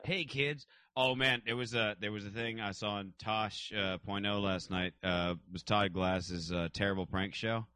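Profane joking podcast host, dry sound. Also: male voice, on the low side, moderate pace, hardly any pauses, clear, resonant tone, no room sound. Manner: profane, animated storytelling with acted quotes. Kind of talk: casual comedic podcast banter.

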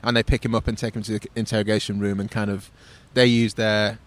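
A man's voice: fairly low pitch, little pitch movement, fast. A man co-hosting a podcast in casual chat, recapping events in an enthusiastic, slightly hesitant way. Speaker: podcast co-host.

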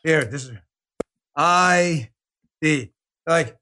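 A man hosting a political commentary podcast, talking in an animated, joking and profane way. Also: sits high, fairly quick. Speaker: podcast host.

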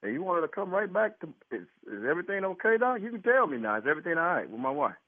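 A man's voice: sits high, big pitch swings, rapid-fire, dry recording. Indignant man on a phone line. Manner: indignant, repeats himself, talks over the caller. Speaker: prank call target, husband.

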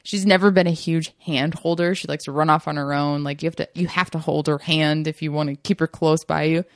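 A young adult woman co-hosting a podcast, telling stories in a casual, animated way and acting out quotes. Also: sits low, fairly quick, no echo, studio quality. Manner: animated storyteller who acts out quotes. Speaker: podcast co-host. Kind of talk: casual storytelling chat.

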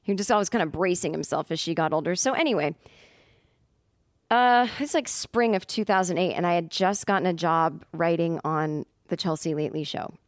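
A woman's voice: fairly low pitch, brisk, dry recording, clean studio sound. A woman comedian telling a story as a podcast guest, casual and rambling, full of fillers and restarts. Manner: rambling, many fillers and self-corrections.

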